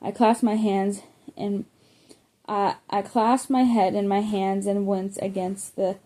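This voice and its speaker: A woman's voice: medium pitch, flat delivery, slow, dark tone. A woman narrating a first-person middle-grade audiobook, reading plainly with occasional slips and self-corrections. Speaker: audiobook reader.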